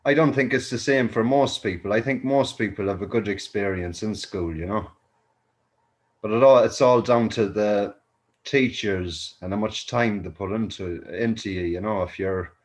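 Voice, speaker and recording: Irish guy, lowish voice, rambling chat, says you know a lot. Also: normal speed. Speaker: caller on a live stream chat. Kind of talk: casual chat.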